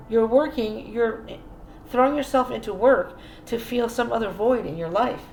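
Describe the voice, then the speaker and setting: Chatty lady doing a tarot reading, talks right to you, bit of fry, echoey room. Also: a little high, normal speed, darkish tone. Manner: chatty, musing aloud, addresses viewer directly. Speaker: tarot reader. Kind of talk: casual spoken tarot reading. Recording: roomy echo, faint ambient noise.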